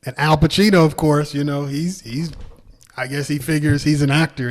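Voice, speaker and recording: Guy cohosting a podcast, kinda high voice, laughs a lot, lots of ums, echoey hall sound. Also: steady tone, normal speed. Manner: laughs often, hesitant with many ums. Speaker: podcast co-host. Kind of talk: casual chat.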